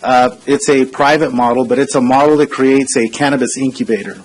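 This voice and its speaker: 40s guy at a council podium, regular pitch, earnest and chatty, lots of uhs. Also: steady tone, brisk, rough recording. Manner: conversational and earnest, frequent uh fillers. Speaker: consultant speaking at public comment. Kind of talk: public comment speech, personal storytelling.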